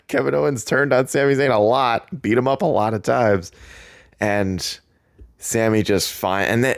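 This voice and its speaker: A fairly low-voiced man talking through a wrestling moment on his podcast, full of fillers and little laughs as he gets excited. The sound is close and dry, with no room around it. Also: gravelly, no echo. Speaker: podcast host. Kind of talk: casual wrestling recap.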